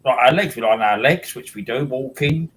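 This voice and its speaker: A man hosts a loose, casual chat in a mid-pitched voice. He rambles along, restarting sentences and repeating words as his thoughts catch up. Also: fairly quick, slight background noise, rough recording. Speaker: host.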